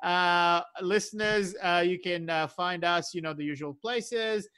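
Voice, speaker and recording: A man's voice: high voice, unhurried, pushed and bright, clear, resonant tone, dry recording. A man co-hosting a podcast in casual chat, laughing often, swearing casually and using lots of fillers. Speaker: podcast co-host.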